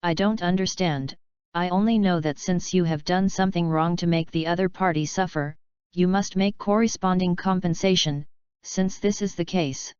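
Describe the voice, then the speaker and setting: A woman's voice: lowish voice, normal speed, darkish tone, clean tone, no room sound, lightly acted. A woman reading the lines of an earnest, cheerful young male hero, plain-spoken. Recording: slightly dull lo-fi recording.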